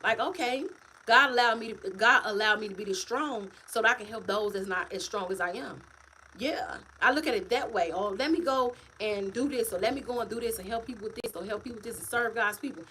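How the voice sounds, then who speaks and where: A fairly high-voiced woman talks straight to her viewers on a livestream, animated and full of repetition. A faint hum of ambient noise sits under her voice. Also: a little fast, poor audio. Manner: animated, repetitive, preachy, addresses viewers as y'all. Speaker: author and vlogger. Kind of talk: casual livestream talk to viewers. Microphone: phone or webcam, livestream.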